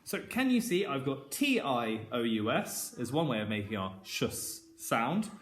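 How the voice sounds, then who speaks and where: A man teaching a phonics lesson to primary school children, sounding out each word slowly and clearly and praising often. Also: medium pitch, very animated, slight background noise. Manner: encouraging, with frequent praise. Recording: echoey room.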